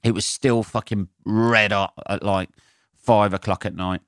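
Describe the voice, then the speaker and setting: A man's voice: lowish voice, fairly even intonation, measured pace, a bit bright, dry recording, clean studio sound. A man with a stuffy, bunged-up nose, a comedian rambling through a solo podcast in a sweary, sardonic, self-mocking way. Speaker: stand-up comedian hosting a podcast.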